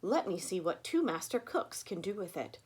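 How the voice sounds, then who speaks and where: A woman voicing a round, jolly man who loves to eat, eager and excited, in a storybook reading. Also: fairly low pitch, normal speed, slightly rough.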